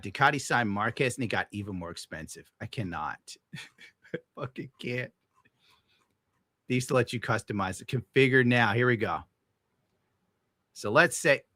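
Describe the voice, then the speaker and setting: A young adult man hosting a casual livestream rants in a pushed, bright voice, exasperated and sarcastic, swearing often and suddenly bursting into high-pitched outrage. He's a podcast host, recorded in clean studio sound with no room sound.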